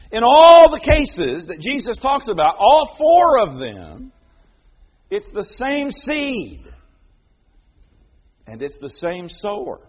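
Man preaching with a lively, high voice. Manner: swings from loud proclaiming to quiet storytelling. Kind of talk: sermon. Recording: dull lo-fi sound.

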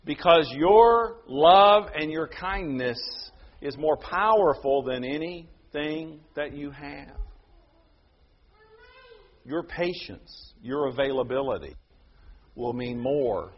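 A man preaching a sermon, emphatic, his voice swelling to loud peaks and then dropping soft. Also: fairly high pitch, lively intonation, slow, highs cut off. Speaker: pastor.

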